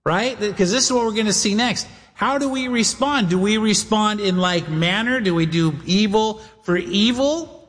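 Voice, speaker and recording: A man's voice: high-pitched, moderate pace, few pauses, fairly bright tone, big-room sound. A man preaching a sermon as a pastor, earnest, speaking straight to his listeners and acting out the voices of people he quotes. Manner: earnest, addresses listeners as guys and gals, acts out quoted voices.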